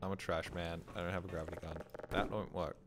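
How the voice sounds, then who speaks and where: A man's voice: deep voice, flat delivery, fast. Man streaming a shooter game, swearing. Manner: jokey, swears often, yelps when startled. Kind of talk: live gameplay commentary. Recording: game gunfire noise under voice. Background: video game gunfire and clicks.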